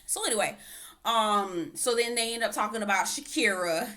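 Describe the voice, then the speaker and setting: A woman vlogger recapping a reality dating show on camera at home, her voice bright and forward. She talks in a chatty, gossipy way, acting out what people said with big swings in her voice. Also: mid-range voice, moderate pace, a little hiss or hum. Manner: animated, quotes people in exaggerated voices, frequent laughs. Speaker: TV reviewer vlogger.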